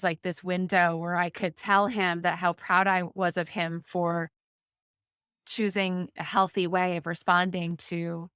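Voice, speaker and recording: A woman in her forties speaks as a podcast guest in a low, smooth, clear voice. She talks candidly and loosely, circling back with restarts and fillers. The sound is dry and close to the mic. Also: fairly bright tone, no room sound. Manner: candid, rambling with frequent restarts and "like". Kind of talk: conversational interview.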